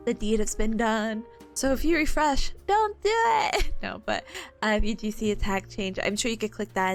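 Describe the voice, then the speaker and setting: A young adult woman streaming and chatting casually with her viewers, rambling and laughing often between emotional asides. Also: medium pitch. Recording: faint music behind the voice.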